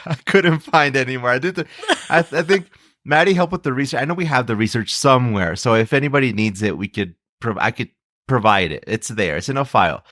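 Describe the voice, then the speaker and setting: A man's voice: medium pitch, brisk, fairly bright tone, no room sound. A man co-hosting a podcast, casually retelling a spooky story with chuckles along the way. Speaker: podcast co-host.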